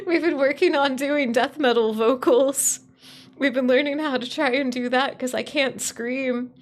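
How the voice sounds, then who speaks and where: A woman streamer chatting casually with viewers on a live stream, swearing freely and breaking into high squeals and laughter when startled. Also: unhurried. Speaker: VTuber streamer.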